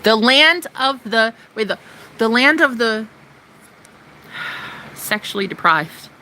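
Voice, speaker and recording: A woman's voice: fairly high pitch, expressive, takes it slowly, bright, forceful tone, a little hiss or hum, low-quality recording. A woman live streaming, talking casually and ranting in a brash, sarcastic way full of profanity.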